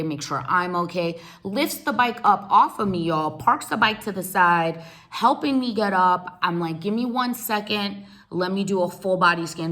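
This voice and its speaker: A woman in her thirties from the United States, telling a lively story to her viewers and acting out each person's lines. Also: fairly low pitch. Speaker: vlogger. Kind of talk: animated storytime.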